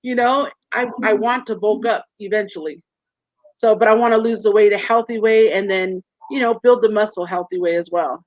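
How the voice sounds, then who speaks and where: A woman in her forties, a guest in a casual interview, telling stories with lively acted-out quotes over a video call. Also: mid-range voice, moderate pace, no echo. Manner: animated storyteller, acts out quoted voices. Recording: muffled dry call audio.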